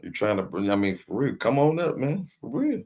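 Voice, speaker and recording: A man's voice: fairly low pitch, big pitch swings, a little fast, darkish tone. A man hosting a casual live stream, teasing his chat with loose slang and frequent laughs. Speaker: livestream host reading chat.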